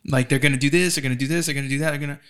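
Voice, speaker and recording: Dude talking on a podcast, bright voice, swears a lot, really animated. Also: male voice, on the high side, rapid-fire, clear, resonant tone. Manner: animated, swears, acts out other people's voices. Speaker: podcast co-host. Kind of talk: casual chat.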